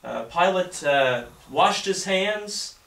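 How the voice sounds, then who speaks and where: A male pastor preaching a sermon and reading scripture aloud, often halting and repeating words. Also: high-pitched, lively intonation, gravelly, sharp tone. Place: church sanctuary. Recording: echoey church from a distance.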